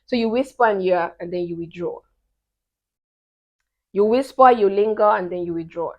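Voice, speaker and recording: A woman's voice: mid-range voice, normal speed, dull audio. Emphatic young woman giving dating advice. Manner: emphatic, repeats key points, swings between hushed and loud. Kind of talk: casual advice talk to camera. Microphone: camera.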